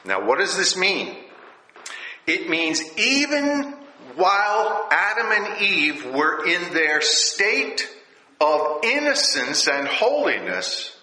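A man preaches a sermon and teaches from scripture in a high-pitched, very animated voice that is slow, bright, and forceful. He keeps checking in with listeners through rhetorical questions, repeatedly asking "all right?", in an echoey room.

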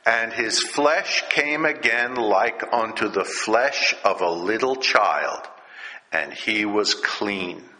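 A man preaches slowly through a scripture passage, pausing on fillers and stretching his phrases. His voice is bright and tense. It rings out in a large, echoing hall. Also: on the low side. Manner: slow, drawn-out delivery with fillers, raising his voice for quoted characters. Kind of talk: sermon, reading and explaining scripture. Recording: roomy hall with long reverb.

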